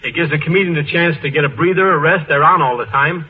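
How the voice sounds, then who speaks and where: A man's voice: a little high, quick pace, husky. Joking man on an old radio panel. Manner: joking, easygoing. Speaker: comedy writer on a panel. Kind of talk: 1940s radio panel chat. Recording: muffled old radio broadcast.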